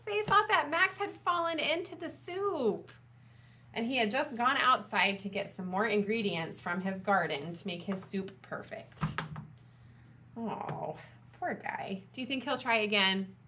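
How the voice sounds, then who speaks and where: A woman librarian reading a picture book aloud at storytime, slow and expressive, asking the children questions. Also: a little high, slight background noise.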